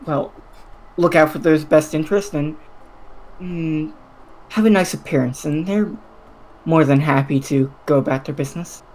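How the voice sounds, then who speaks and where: Dry teasing queen mom, voiced by the gm, calm, middle voice, tabletop game. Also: medium pitch, normal speed, long pauses, natural voice, poor audio. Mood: musing. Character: teasing female ruler, a mother, wry. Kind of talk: tabletop role-play.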